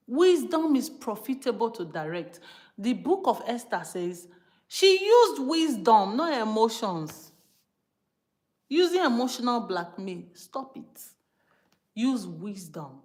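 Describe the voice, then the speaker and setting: A Nigerian woman from Benin City, hosting a live stream, teaches from the Bible informally in a medium-pitched voice. She is emphatic and animated, switches between English and pidgin, and makes asides straight to her viewers.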